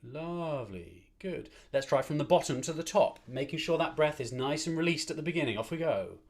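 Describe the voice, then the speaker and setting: Upbeat choir conductor. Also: male voice, a little high, expressive, a little fast, darkish tone. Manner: encouraging, upbeat instruction with counted breathing. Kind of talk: online choir rehearsal and warm-up. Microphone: streamed to a screen.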